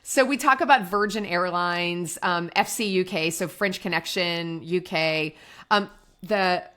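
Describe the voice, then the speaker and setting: A woman with a lowish voice talks through business ideas in casual conversation. She tells anecdotes and drops into little acted-out quotes as she goes. Her tone stays relaxed and conversational. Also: a little slow. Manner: chatty storyteller, acts out quotes. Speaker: podcast co-host and wine brand owner.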